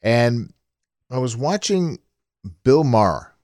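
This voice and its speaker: A man's voice: medium pitch, big pitch swings, slow, darkish tone, dry recording, clean studio sound. A man co-hosting a casual podcast chat, rambling and laughing, often restarting his sentences. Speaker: podcast co-host.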